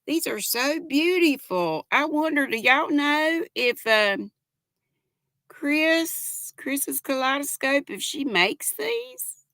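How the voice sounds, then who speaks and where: A woman's voice: high-pitched, sing-song, slow, creaky, a bit bright, no room sound, clean studio sound. An older woman hosts a casual livestream, reading viewers' chat in a giggly, folksy way. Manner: chatty, giggly, folksy, talks to viewers as "y'all". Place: at home.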